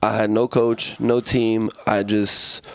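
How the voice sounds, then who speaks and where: A man's voice: lowish voice, takes it slowly, vocal fry, clean tone, no echo. A man from France in his thirties, telling fight stories casually on a podcast with lots of swearing. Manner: profane, animated storytelling. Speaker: guest, fighter. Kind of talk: casual storytelling.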